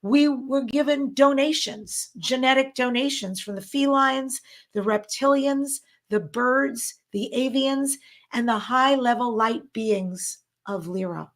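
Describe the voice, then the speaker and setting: A woman's voice: high-pitched, slow pace. A middle-aged woman from New York with a New York accent, co-hosting an online summit in an effusive, gushing way. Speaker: co-host.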